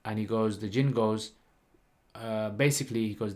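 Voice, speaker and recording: A man, hosting a livestream and telling a story in a rambling, lively way with lots of fillers. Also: on the low side, moderate pace. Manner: rambling, animated retelling with many "like" and "you know" fillers. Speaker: channel host.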